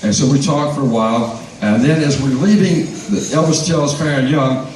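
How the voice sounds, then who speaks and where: An older man from the who rambles through anecdotes for a live audience, clearing his throat often. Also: fairly high pitch, normal speed, darkish tone. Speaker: guest storyteller at a fan reunion. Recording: echoey hall from far off, faint noise.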